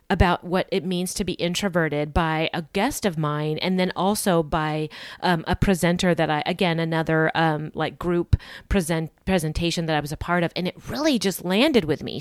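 A woman's voice: lowish voice, clear, resonant tone, no echo, clean studio sound. A woman hosting her solo podcast, talking candidly in an in-your-face, sarcastic way, rambling with lots of ums and restarts. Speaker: podcast host.

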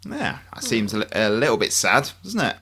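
A man's voice: lowish voice, wildly swooping pitch, a little fast, pushed and bright, husky. Nervously giggly male podcast co-host. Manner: nervous laughs, mock Scottish attempts. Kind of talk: scripted podcast banter.

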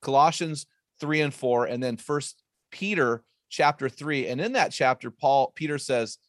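A man, an author and guest, teaching on faith and marriage in an emphatic, preacherly way with quick asides. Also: mid-range voice, no echo, clean studio sound.

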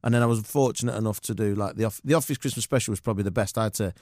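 A man rattling through showbiz stories at a brisk clip. His voice sits at a middling pitch and sounds close and dry, with no room around it. He slips in quoted lines from other people and laughs now and then as he talks. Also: a little mellow, no room sound. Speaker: guest. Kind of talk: casual interview storytelling.

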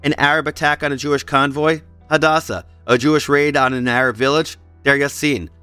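A man's voice: fairly high pitch, fairly even intonation, fairly quick, bright, forceful tone, clean tone, dry recording, faint music behind. A man hosting a history podcast, reading scripted narration and breaking off for playful personal asides.

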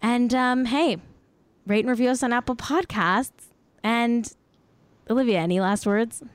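A woman's voice: fairly high pitch, a little slow, clear, resonant tone, dry recording. A young woman hosting a podcast from her desk at home over a video call, chatting casually and frankly, swearing freely and saying "like" a lot. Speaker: podcast host. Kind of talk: casual chat.

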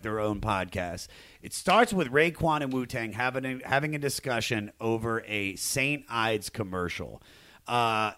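Animated man hosting a podcast. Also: no room sound, clean studio sound. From Maryland, US. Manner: animated, jumpy delivery with big pitch swings. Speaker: podcast host. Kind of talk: casual podcast chat.

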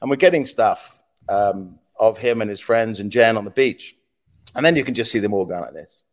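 A man on a podcast as a guest, telling lively stories in casual talk, acting out quotes and noises and laughing often. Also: fairly low pitch, normal speed. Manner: animated anecdotes, acts out quotes and sound effects, laughs often. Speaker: podcast guest, former news agency head. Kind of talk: casual storytelling interview.

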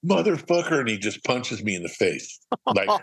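On a low-quality recording, a podcast guest from Southern California, a middle-aged man, spins rambling, profane stories in a casual way, acting out what people said. His fairly low voice swings widely in pitch and comes across gravelly, husky and fairly bright, at a normal speed.

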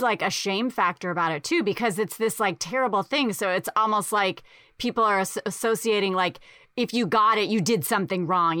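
A woman's voice: medium pitch, sharp tone, no echo, studio quality. A woman hosting a casual conversation, chatty and full of fillers.

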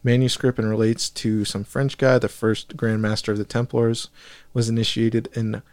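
A man hosting a podcast, reading a text aloud haltingly with fillers and skipped words. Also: medium pitch, level tone, a little mellow, no room sound. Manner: reads haltingly, with fillers and skips. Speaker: podcast host.

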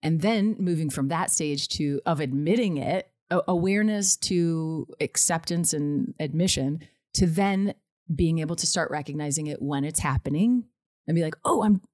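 A woman with a low, deep-set voice talks casually on a podcast, laughing easily and acting out her own inner voice. The sound is close and dry, with no room around it. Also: moderate pace, darkish tone, no echo. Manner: chatty, laughs often, acts out her own thoughts in quotes.

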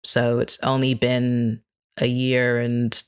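A woman's voice: extremely low pitch, level tone, slow pace, clear, resonant tone. A woman speaking as an interview guest in casual chat, candid and rambling, often restarting her sentences.

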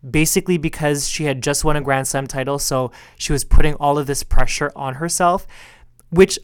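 Male podcast host, sassy and chatty, smooth clear voice, dry close sound. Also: a little high, steady tone, normal speed, no room sound. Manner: sassy, chatty, calls listeners girl. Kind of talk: casual solo tennis podcast chat.

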